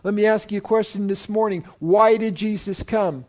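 A man with a notably high voice preaches with firm emphasis. He stresses key words and puts questions to the congregation, waiting for them to answer. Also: fairly even intonation, moderate pace, darkish tone. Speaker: pastor. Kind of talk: sermon.

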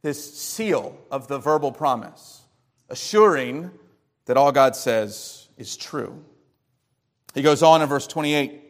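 A man, a pastor, preaching an expository sermon that teaches through the scripture and poses rhetorical questions, shifting his loudness and pace for emphasis. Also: mid-range voice, slow pace.

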